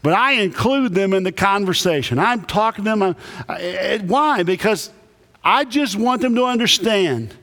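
A man who is a Baptist pastor, preaching a sermon with emphatic, animated delivery and lots of repetition. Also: sits high, moderate pace. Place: church sanctuary. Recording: echoey church hall.

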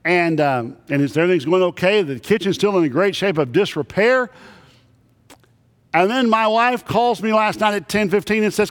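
A man's voice: sits high, moderate pace. A man preaching a sermon to a congregation, telling folksy, humorous stories. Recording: long reverb of a big hall.

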